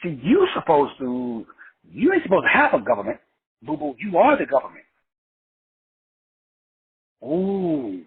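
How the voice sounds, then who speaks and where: Husky high-voiced man preaching over a call. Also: big pitch swings, normal speed, pauses often. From Texas. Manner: emphatic, repetitive, slangy and profane. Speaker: teacher leading an online call. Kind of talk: preachy motivational teaching. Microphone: online call. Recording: phone-like lo-fi audio.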